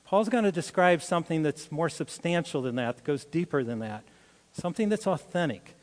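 Older male pastor, slightly high voice, earnest storytelling sermon, lingering hall reverb. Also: animated, fairly quick, darkish tone. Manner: earnest, personal storytelling with frequent restarts.

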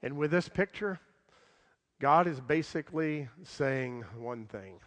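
Male preacher, slightly high voice, dramatic delivery that acts out the story's voices, long hall reverb. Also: slow. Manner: dramatic, swings from loud to hushed. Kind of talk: sermon.

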